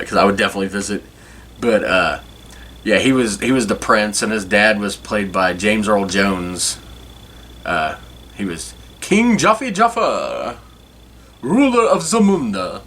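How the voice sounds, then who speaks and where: In a lowish, fairly bright voice over slight background noise, a forties-aged podcast host wanders through nostalgic, casual talk. He chuckles a lot, rambles, and corrects himself mid-thought.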